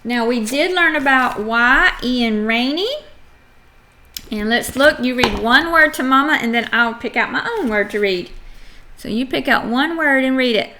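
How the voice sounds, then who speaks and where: A middle-aged woman teaching a phonics lesson to young children, sounding out letters and words clearly and acting out examples with playful energy. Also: fairly high pitch, normal speed, a little hiss or hum. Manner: animated and playful, acts out examples.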